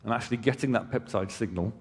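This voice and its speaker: A man's voice: medium pitch, fast. Man presenting in a reverberant hall. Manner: conversational explaining with casual asides to the audience. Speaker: company presenter. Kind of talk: conference presentation. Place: conference hall stage.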